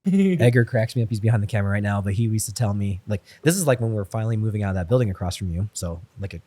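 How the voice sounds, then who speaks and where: A man co-hosting a casual chat show, talking quickly and upbeat about his downtown neighborhood. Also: on the low side, animated, mellow, no room sound. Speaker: podcast co-host.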